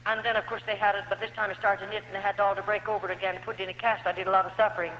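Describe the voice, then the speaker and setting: A woman's voice: medium pitch, flat delivery, very fast, fairly bright tone, a little hiss or hum. A woman giving a heartfelt personal testimony to an audience, telling her story earnestly with hesitations along the way. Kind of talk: emotional spoken testimony to an audience. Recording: echoey hall, dull lo-fi archive recording.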